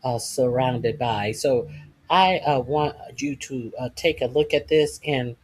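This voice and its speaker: Brief: slow-talking, hesitant male host addressing his viewers. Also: medium pitch, darkish tone. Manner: halting, filled with many uh's. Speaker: channel host. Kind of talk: slow casual commentary to viewers.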